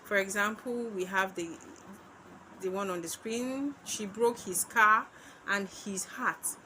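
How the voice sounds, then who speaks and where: A woman's voice: medium pitch, sharp tone, slight background noise, low-quality recording. A woman with a Nigerian English accent teaching a literature lesson, repeating key points and checking in with "okay?". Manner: slow, repetitive, checks in with "okay?". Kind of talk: exam-prep literature lesson.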